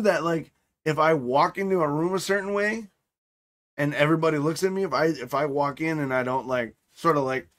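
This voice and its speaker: A middle-aged man co-hosting a podcast in casual chat, rambling and animated, acting out voices as he tells stories. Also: on the high side. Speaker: podcast co-host and streamer.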